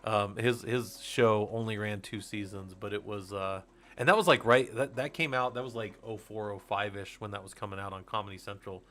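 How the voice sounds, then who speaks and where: A man's voice: fairly low pitch, fairly even intonation, normal speed, bright, forceful tone. A man in his forties hosting a casual livestream, rambling to his viewers, laughing often and swearing casually. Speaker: host of a Linux user group stream.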